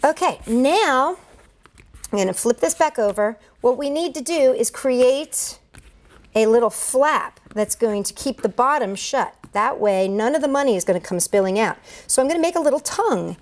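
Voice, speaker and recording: Expressive and on the high side, a woman speaks at normal speed while demonstrating a duct tape craft. She entertains at kids' events, and she talks viewers through each step out loud as she works, keeping a chatty, upbeat, encouraging tone.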